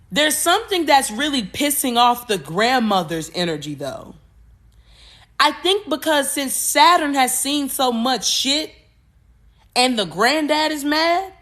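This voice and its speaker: Woman, podcast host, casual spiritual talk, rambling, expressive, fairly high pitch. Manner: rambling and expressive, with sudden loud bursts.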